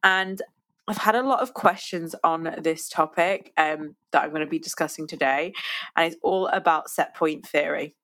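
A woman's voice: low-pitched, moderate pace, a bit bright. A young woman hosting a podcast as a recovery coach, talking casually with fillers, her voice nasal from a cold. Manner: chatty, self-deprecating, with fillers and restarts. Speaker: eating disorder recovery coach and podcast host.

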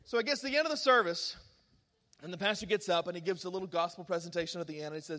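A man preaching a sermon, telling a personal story with animated bursts of excitement and laughter. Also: on the high side, very fast. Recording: long hall reverb.

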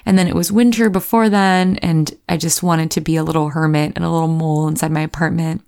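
A woman in her thirties talks openly about her own struggles, with a frank, self-mocking delivery. Her voice sits on the low side and has a gravelly, creaky texture. Now and then she slips into acting out her own thoughts. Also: steady tone, fast, a little mellow. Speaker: vlogger. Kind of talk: personal storytelling to camera.

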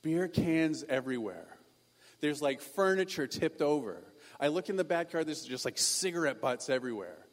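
Animated man preaching in a reverberant hall. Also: on the high side, a little fast, hardly any pauses. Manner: animated, self-deprecating storytelling. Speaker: pastor. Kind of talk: sermon storytelling.

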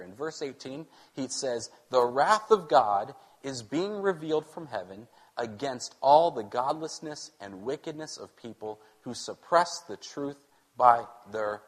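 A man, a pastor, preaching a sermon, asking rhetorical questions and often restarting phrases. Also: medium pitch. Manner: rhetorical questions, animated delivery with frequent restarts.

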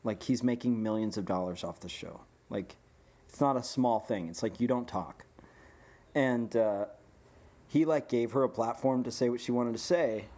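A man co-hosting a podcast, telling an animated story in casual chat, laughing often and swearing freely. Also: mid-range voice, moderate pace. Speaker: podcast co-host.

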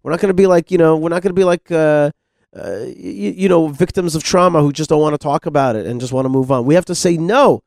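A man's voice: fairly high pitch, quick pace, vocal fry, darkish tone, no echo, clean studio sound. A middle-aged man hosting a radio discussion, impassioned and insistent, repeating words when worked up. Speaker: radio host.

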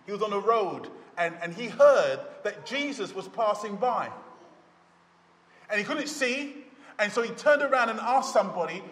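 A man's voice: high voice, expressive, fairly bright tone. A pastor, a man, giving an emphatic storytelling wedding sermon in a church. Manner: storytelling, emphatic with slow stretched phrases. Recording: echoey church hall.

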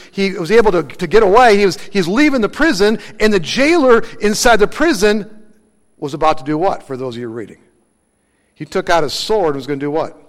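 A man preaching a sermon as pastor, asking his congregation questions and answering them himself. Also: high-pitched. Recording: long hall reverb.

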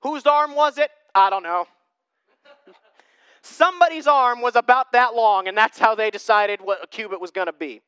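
A young male pastor preaches in a loose, conversational way, poking fun at himself between points. His voice sits high and bright, with a smooth, clean tone. The sound is dry and close, with no room behind it. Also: normal speed, no room sound. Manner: conversational, self-deprecating, with lively asides. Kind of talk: sermon.

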